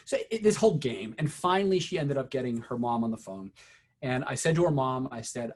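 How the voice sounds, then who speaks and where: A middle-aged man giving a teacher training, telling a story in a conversational, unhurried way with many fillers. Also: medium pitch, animated.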